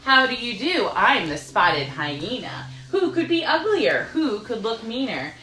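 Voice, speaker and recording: A woman's voice: a little high, big pitch swings, a little slow, sharp tone, full character voice. A woman voicing a boastful spotted hyena. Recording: roomy echo.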